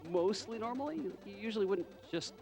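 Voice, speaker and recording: A man's voice: high-pitched, expressive, fairly quick, creaky, music in the background. A man presenting a live speedrun showcase, chatty and loose, joking with the others.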